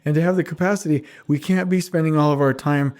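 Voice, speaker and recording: A middle-aged man hosting a podcast alone, talking casually and teasing his listeners with quick asides. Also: on the high side, steady tone, darkish tone. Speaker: podcast host. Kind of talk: casual solo podcast monologue.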